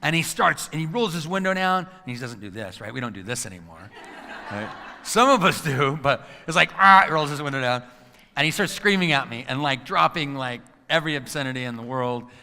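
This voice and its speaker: A man's voice: mid-range voice, animated, a little fast, pushed and bright. A middle-aged man giving a motivational talk to a live audience, acting out scenes in his stories and quizzing the crowd. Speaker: motivational speaker and coach. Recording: long reverb of a large hall.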